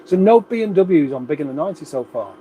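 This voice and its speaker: A man's voice: a little high, expressive, quick pace, dark tone, a little hiss or hum, rough recording. Rambling, chatty English man. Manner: rambling, chatty, reads viewer comments aloud. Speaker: livestream host. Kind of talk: casual live chat reading comments. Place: home room, indoors.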